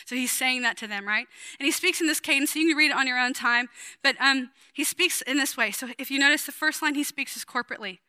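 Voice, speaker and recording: A woman in her forties preaching to women in a chatty, emphatic way, with sudden loud bursts of energy. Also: high-pitched, quick pace, clear, resonant tone, dry recording. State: sweating. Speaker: women's ministry speaker. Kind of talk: sermon.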